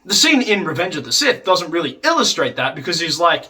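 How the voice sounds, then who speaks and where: A man with a high, bright voice talks through a casual review, rambling and peppering his sentences with "like" and the odd swear word. He sounds somewhat distant from the microphone. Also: sing-song, fairly quick, faint music behind. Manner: rambling, heavy use of "like", swears, acts out quotes. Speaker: video reviewer.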